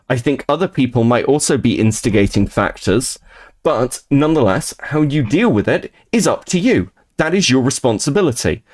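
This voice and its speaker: A man streaming live, ranting casually and profanely about online drama. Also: a little high.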